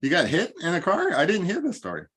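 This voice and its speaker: A man's voice: high voice, wildly swooping pitch, fast talker, a bit bright, slightly rough. A tipsy man chatting loosely as a guest, rambling and easily amused. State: tipsy from drinking. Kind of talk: casual chat.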